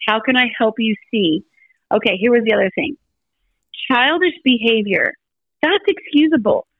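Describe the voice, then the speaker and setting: Animated mother telling family stories. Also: a little high, normal speed, breathy edge, no echo, phone-quality sound. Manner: animated storyteller acting out family dialogue. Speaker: podcast guest. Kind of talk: casual storytelling chat.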